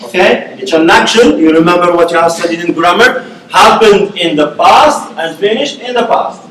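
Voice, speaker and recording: High-voiced man lecturing in echoey classroom. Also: normal speed, fairly bright tone. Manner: repeats key words, checks understanding with "okay?". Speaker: university lecturer. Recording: echoey room from far off.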